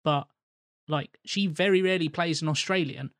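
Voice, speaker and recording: A man with a slightly high voice, recorded dry and close with no room sound. He talks in a thoughtful, winding way in casual podcast chat, often circling back before making his point. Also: normal speed, fairly bright tone, no echo.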